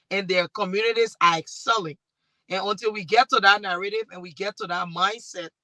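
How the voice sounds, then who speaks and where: A woman with a Liberian accent, speaking on a discussion panel and telling stories in a lively way with many restarts. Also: medium pitch, no echo, low-quality recording. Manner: animated storytelling with restarts. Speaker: talk show host and panelist.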